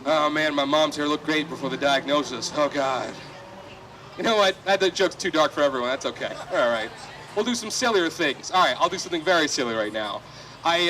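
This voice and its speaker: Man, stand-up comedian, high bright voice, rambling self-deprecating asides, outdoor festival, distant mic, faint street noise. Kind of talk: stand-up set.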